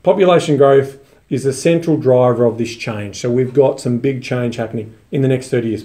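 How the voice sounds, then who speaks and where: A man's voice: mid-range voice, mellow. An Australian man co-hosting a podcast, chatting casually and restarting his sentences as he rambles. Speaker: podcast co-host. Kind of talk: casual chat.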